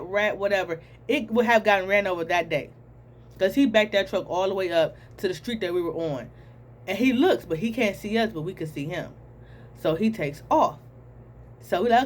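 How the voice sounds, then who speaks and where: A young woman, telling a storytime to viewers in a casual, animated way, acting out sounds and voices. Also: mid-range voice. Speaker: storytelling vlogger.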